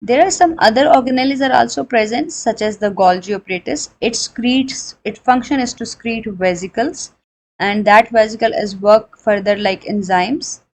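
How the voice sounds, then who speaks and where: A woman's voice: on the high side, normal speed, poor audio. Woman lecturing on biology. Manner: explanatory, repeats and rephrases points, frequent fillers; switches into Hindi for examples. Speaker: biology teacher. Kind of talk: recorded classroom lecture.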